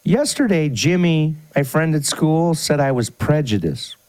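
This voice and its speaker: A man's voice: on the high side, expressive, measured pace, darkish tone, no room sound, pitched above the performer's own voice, rough recording. A man voicing a small boy in a retold ad, in a raised, earnest childlike voice. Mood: puzzled. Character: little boy, young and puzzled.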